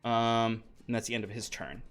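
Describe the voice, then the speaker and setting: A man runs a tabletop game in a relaxed voice of middle pitch, breaking into laughter between rules. He explains the rules and narrates the action, with faint music under him. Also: normal speed. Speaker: game master.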